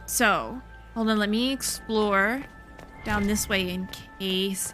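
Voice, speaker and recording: A woman hosting a gaming video, giving casual let's play commentary with quick, excitable exclamations. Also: medium pitch, soft background music.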